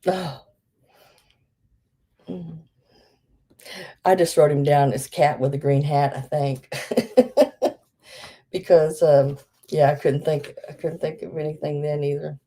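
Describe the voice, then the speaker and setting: A woman's voice: low voice, fairly even intonation, slow, pauses often, warm tone. A middle-aged woman hosting a live vintage sale, chatting casually with many fillers and laughing at herself. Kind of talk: casual live-stream selling.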